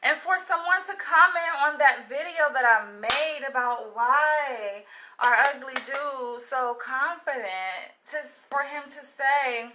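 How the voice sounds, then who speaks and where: A woman from Florida telling a story to her followers in a casual vlog, blunt and profane, with an animated delivery. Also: sits high, takes it slowly, low-quality recording. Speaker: vlogger.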